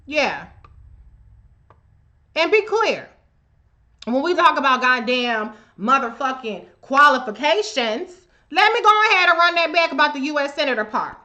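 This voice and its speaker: High, bright-voiced fiery woman streamer. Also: big pitch swings, unhurried, highs cut off. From United States. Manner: profane, confrontational, emphatic; addresses commenters directly. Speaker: livestream host. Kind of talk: heated political commentary.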